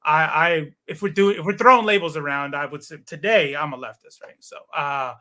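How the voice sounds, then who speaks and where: A man's voice: a little high, brisk, bright, forceful tone, a little hiss or hum. A man in his forties, a guest in a casual interview, telling a long personal story with many fillers and restarts. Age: 40s. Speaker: podcast guest.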